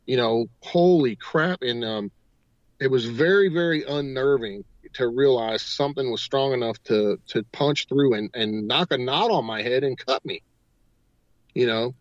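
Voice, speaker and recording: Speaking at a normal speed in a mid-range voice, this man tells a lengthy tale as a talk radio guest, chaining his thoughts together with "and" after "and." He is a paranormal investigator, and the recording is dull, dry, lo-fi, with no echo.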